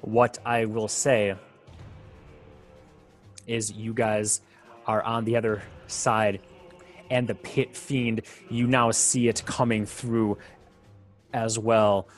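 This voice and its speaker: A man narrating a tabletop game as game master, slow and drawn out, with playful laughs. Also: lowish voice, level tone, soft background music.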